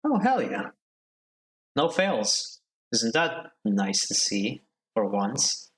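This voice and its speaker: Streaming a narrative game, a man reads its text aloud at a middle pitch, dropping in relaxed, joking asides between passages. He goes very slowly, and the audio is poor.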